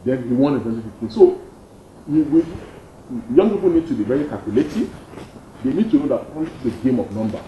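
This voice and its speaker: Emphatic young Nigerian man in a roomy room. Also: brisk. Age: young adult. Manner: emphatic, repeats points, lively pitch swings. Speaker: activist guest. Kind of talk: interview answers. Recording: dull roomy studio sound, faint noise.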